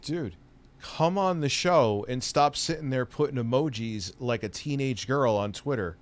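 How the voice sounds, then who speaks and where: An American man hosts a live stream, ranting with profane exasperation in heated chat. His voice sits at medium pitch, animated but unhurried.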